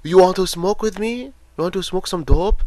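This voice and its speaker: Guy putting on a weird super friendly stranger, way high and slow, sing-songy. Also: dark tone, no echo, close to an everyday voice. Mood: overeager. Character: odd, overly friendly man shop customer.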